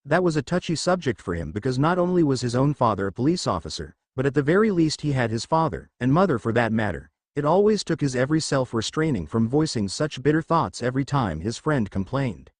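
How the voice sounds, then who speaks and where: Expressive male fan fiction narrator. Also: medium pitch, fairly quick, hardly any pauses, no room sound, studio quality. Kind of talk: fan fiction story reading.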